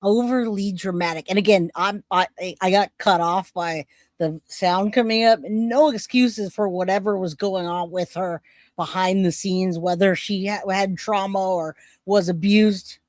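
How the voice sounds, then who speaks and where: A woman's voice: medium pitch, a little slow, dry recording. A woman giving blunt, scornful casual commentary over a video she is reacting to.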